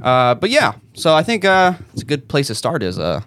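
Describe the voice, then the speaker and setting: A man's voice: a little high, wildly swooping pitch, normal speed, a bit bright, dry recording. A man co-hosting a podcast who talks in a laid-back, rambling way. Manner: laid-back, rambling, with many fillers and restarts. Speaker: podcast co-host. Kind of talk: casual chat.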